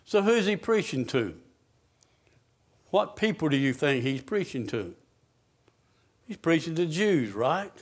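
A man's voice: on the high side, sing-song, a little slow, pauses often. A man preaching a sermon, asking the congregation questions and answering them himself.

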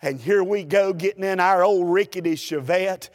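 A man, a preacher telling a humorous story in a folksy, animated way during a sermon. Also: high voice, normal speed, long reverb tail.

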